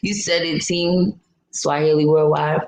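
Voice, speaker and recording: Low-voiced woman ranting on a livestream. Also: fairly even intonation, a little slow, vocal fry, a little mellow, reverberant, rough recording. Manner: blunt, opinionated ranting while reading chat comments. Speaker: livestream host. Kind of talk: casual live-stream commentary.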